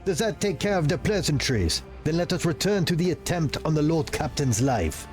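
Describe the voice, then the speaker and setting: A man's voice: fairly high pitch, expressive, normal speed, soft background music, pitched above the performer's own voice, lightly acted. A man voicing a cruel female master-at-arms in a game, speaking in a clipped, cold, relishing manner.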